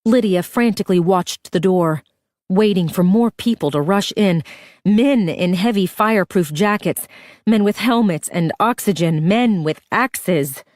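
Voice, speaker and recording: A woman's voice: mid-range voice, unhurried, darkish tone, no room sound, studio quality. A woman narrating a thriller audiobook with a tense, urgent reading.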